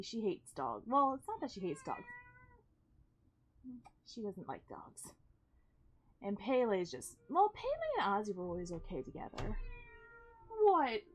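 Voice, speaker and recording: A young woman streaming a video game, chatting casually and talking to her pets between plays. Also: mid-range voice. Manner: chatty, talks to her pets in baby talk. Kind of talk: casual live-stream chat while gaming.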